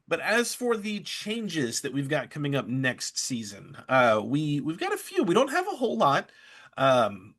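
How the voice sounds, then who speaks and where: A man hosting a podcast, telling a funny story with lively acted-out quotes and frequent laughter. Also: on the high side, a little slow. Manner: animated storyteller, acts out quotes, laughs often. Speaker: podcast host. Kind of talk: casual podcast chat, storytelling.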